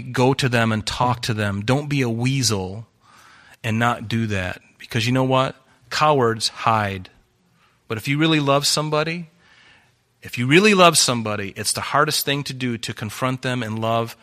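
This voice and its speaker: A male pastor delivers a sermon, exhorting the congregation and doubling back on phrases to drive them home. His voice has a bright, forceful ring at a mid pitch. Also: normal speed. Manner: exhorting, repeats phrases for emphasis.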